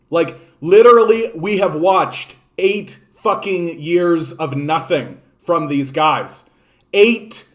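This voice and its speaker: A man from Canada giving an angry, profane political rant, exasperated and sneering. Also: fairly high pitch. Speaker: political commentator.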